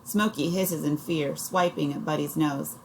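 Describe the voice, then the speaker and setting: A woman narrates an audiobook in the first person, in a steady storytelling manner. Her voice is low and dark. A faint hiss sits under it. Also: measured pace, creaky, low-quality recording. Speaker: audiobook reader.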